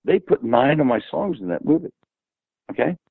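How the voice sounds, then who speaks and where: A man in his seventies, an interview guest, telling animated anecdotes and acting out the dialogue. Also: mid-range voice, normal speed, gravelly, husky, no room sound. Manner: animated anecdote teller who acts out quoted dialogue. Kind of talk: casual storytelling interview. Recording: tinny phone-like dry audio.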